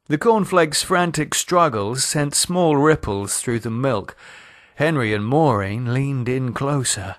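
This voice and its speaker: A man narrating an audio horror story in a lively, expressive storytelling manner. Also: mid-range voice, slow pace, no echo, studio quality.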